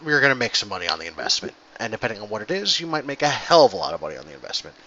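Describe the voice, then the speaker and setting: A man's voice: on the low side, big pitch swings, rapid-fire, sharp tone, lo-fi sound, slight background noise. A man running an online tabletop game as game master, talking casually with many fillers and explaining the rules.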